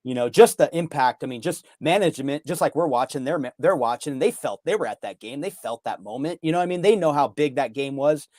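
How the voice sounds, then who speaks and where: A man's voice: on the high side, lively intonation, quick pace, hardly any pauses, a little mellow, no echo. A man co-hosting a casual sports talk show, rambling with lots of fillers. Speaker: co-host. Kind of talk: casual sports podcast chat.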